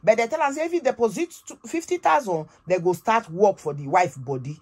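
A woman with a Nigerian Pidgin English accent telling gossip in an animated, emphatic way, often tagging her sentences with "oh". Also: mid-range voice, fairly quick, slightly rough. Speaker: gossip vlogger. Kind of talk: casual gossip storytelling.

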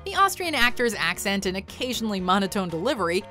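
A woman's voice: mid-range voice, quick pace, soft background music. A woman narrating a countdown video in an upbeat scripted style. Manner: upbeat, lively list presenting.

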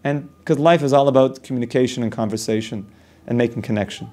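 Brief: male rabbi, mid-pitched, teaching an informal class, explains through step-by-step examples. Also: fast talker, darkish tone. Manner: explanatory, builds points through long spoken examples, frequent restarts. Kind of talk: informal Torah class lecture.

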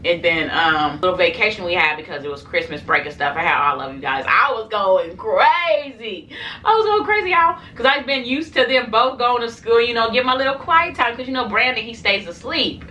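A woman's voice: mid-range voice, lively intonation, brisk, few pauses, bright, forceful tone. A young woman chatting to camera on her eating show, rambling casually with lots of fillers, talking to her viewers. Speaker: mukbang and reaction channel host. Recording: slightly distant mic with faint room noise.

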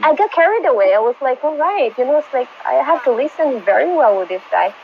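A woman's voice: high-pitched, big pitch swings, fast talker, a little hiss or hum. A woman judging a singing contest over a video call, gushing and rambling with many fillers. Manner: effusive, rambling, with frequent fillers. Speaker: judge of an online singing contest. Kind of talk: casual judging feedback. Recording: slightly muffled online call audio.

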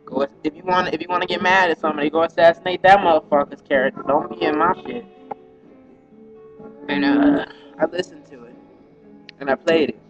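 A man's voice: fairly high pitch, fairly even intonation, fairly quick, long pauses, dull audio, over music. A man telling a rambling, profane, agitated story in a casual vlog monologue.

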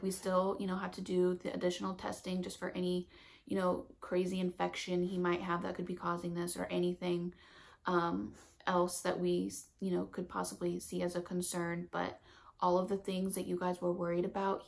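A woman's voice: fairly low pitch, monotone, moderate pace, gravelly. A young pregnant woman telling a story in a casual, chatty vlog, full of fillers and laughing as she goes. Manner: chatty, lots of fillers, emotional retelling. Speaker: vlogger.

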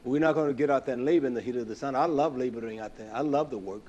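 A man preaching a sermon, swinging from low murmurs to raised, fervent passages and asking the listeners rhetorical questions. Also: a little mellow, dull audio. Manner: rhetorical questions, drawn-out emphatic words.

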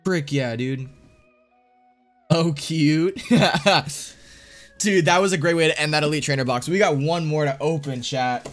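A man streaming live, chatting casually and excitably to his viewers, full of slang. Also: a little high, a little slow, long pauses, soft background music. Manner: excitable, slangy, says dude a lot. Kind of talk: casual live-stream chat while opening card packs.

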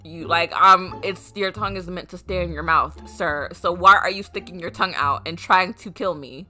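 A young woman reacting to a music video, excitable and dramatic, talking straight to her viewers. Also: fairly low pitch, moderate pace. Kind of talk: casual reaction commentary. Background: faint music.

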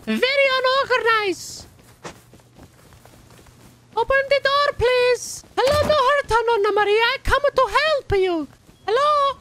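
A man's voice: very high voice, slow pace, pauses often, heavy background noise, voice pushed up. A young man putting on an Italian accent to play a pushy little Italian grandmother in her seventies who comes to clean, speaking broken English in game voice chat. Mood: pleading.

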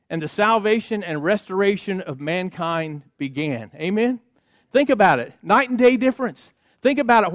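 Male pastor, high voice, emphatic rhythmic preaching, congregation call-outs, dry close sound. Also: expressive, moderate pace, dry recording. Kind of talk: sermon. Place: church sanctuary.

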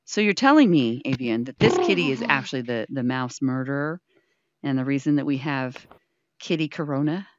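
A woman's voice: very deep voice, lively intonation, normal speed, no echo, highs cut off. A woman hosting a casual VR chat show, teasing her guests with theatrical mock outrage and cooing baby talk. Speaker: show host. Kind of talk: playful improvised VR chat banter.

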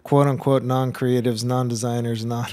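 A man's voice: mid-range voice, moderate pace. A man in his thirties hosting a casual interview, telling stories and acting out his own reactions. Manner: animated storytelling, acts out his own reactions. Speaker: podcast host.

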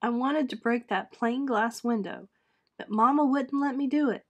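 A grieving young boy pleads in a high, tearful voice, voiced by a woman reading a storybook aloud. He sounds close to breaking, his words rising as he begs. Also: moderate pace, darkish tone, lo-fi sound, close to an everyday voice. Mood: pleading.

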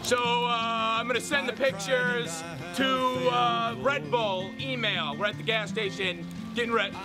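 High, whiny young man in a comedy sketch. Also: fairly even intonation, unhurried, over music, poor audio. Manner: whiny, exaggerated, crude outbursts.

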